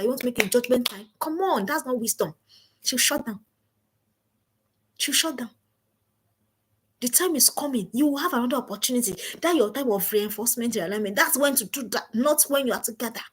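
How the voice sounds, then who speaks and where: A middle-aged woman who works as a parenting coach gives an emphatic talk on a live stream from a home streaming setup. Her voice is a little high and husky, and she talks fast, repeating her key phrases.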